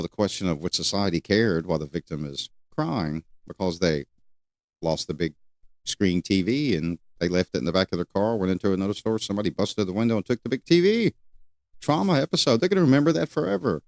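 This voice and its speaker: An older man hosting a solo talk show, rambling and repeating questions with many pauses. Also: low-pitched, no echo. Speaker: host.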